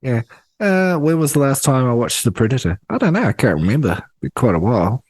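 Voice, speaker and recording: A man co-hosting a podcast over a remote call, cracking deadpan absurd jokes with lots of fillers. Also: mid-range voice, a little fast, slightly rough, no echo. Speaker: podcast co-host. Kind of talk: casual podcast banter.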